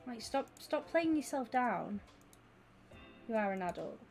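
Excitable woman streaming. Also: on the high side, unhurried, vocal fry, faint music behind. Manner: excitable and gushing, chatting with viewers while she plays. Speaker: gaming streamer. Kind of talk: casual live-stream chat.

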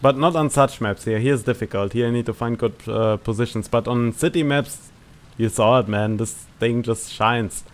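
A man hosting a gaming channel, chatting casually while playing with a friend, excitable and quick to shout and laugh. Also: mid-range voice. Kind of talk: casual gameplay commentary with a squadmate.

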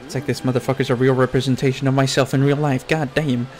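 A man's voice: medium pitch, little pitch movement, fast talker, faint music behind. Foul-mouthed exasperated gamer man. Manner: crude, exasperated ranting at the game; swears constantly, talks to his game character. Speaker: gaming YouTuber. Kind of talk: profane Let's Play commentary.

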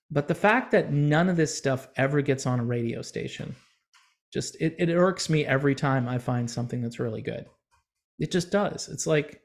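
A middle-aged man hosting a music commentary channel, ranting casually with sarcastic, mocking outbursts. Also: fairly high pitch.

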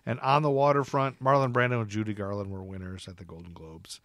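A man's voice: on the low side, little pitch movement, quick pace, fairly bright tone, slight background noise. A man co-hosting a casual podcast, rambling and joking with lots of fillers. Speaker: podcast co-host. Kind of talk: casual chat.

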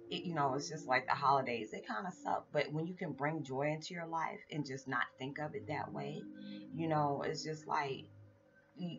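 Low-voiced woman vlogging over music. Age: 40s. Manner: gentle, earnest, repeats "it's just like". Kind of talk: casual spiritual vlog. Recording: dull lo-fi sound with music behind. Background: meditation music.

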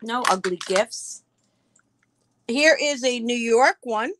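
A woman's voice: on the high side, slow pace, background noise. A woman selling items on a live stream auction, chatting casually, describing each piece as she handles it and answering viewers by name.

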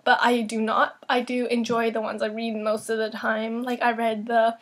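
A young woman book vlogger answering viewer questions in a chatty, quick way, full of "like" and "um". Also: on the high side, completely flat delivery. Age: young adult. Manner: chatty, quick, with frequent "like" and "um" fillers. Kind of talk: casual Q&A vlog. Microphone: camera mic.

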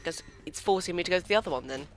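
A man giving casual gameplay commentary, excitable, squealing and swearing when startled. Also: sits high, very fast, a little hiss or hum. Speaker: let's play gamer.

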